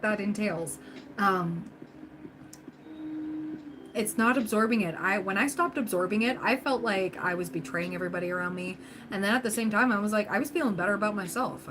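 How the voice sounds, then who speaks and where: A woman's voice: mid-range voice, moderate pace, fairly bright tone, a little hiss or hum, low-quality recording. A woman hosting a tarot reading livestream, talking casually and encouragingly to her viewers with lots of fillers. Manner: chatty, encouraging, frequent laughs and fillers. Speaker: tarot reader livestream host.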